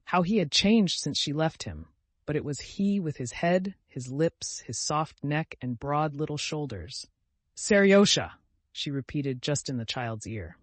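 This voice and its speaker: A man narrating a classic novel as an audiobook, calm and measured, lifting his voice for the dialogue. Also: fairly high pitch, no echo.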